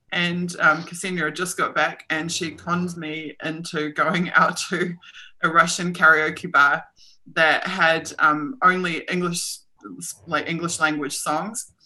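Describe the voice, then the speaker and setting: Streaming from a room at home, a woman with a New Zealand accent chats loosely with viewers, laughing often and teasing herself. Her deep voice comes across pushed and bright, and the recording is rough.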